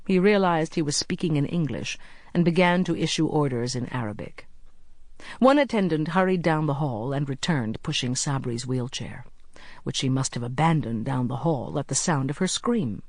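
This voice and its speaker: A measured audiobook narrator reading a suspense scene at a mid pitch. The reading slows at the tense moments. The sound is dry and close to the mic. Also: expressive, no echo. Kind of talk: scripted narration.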